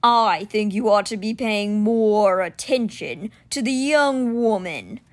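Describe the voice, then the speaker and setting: A woman reading a storybook aloud, voicing a gruff male beast guardian with a slow, low growl. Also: expressive.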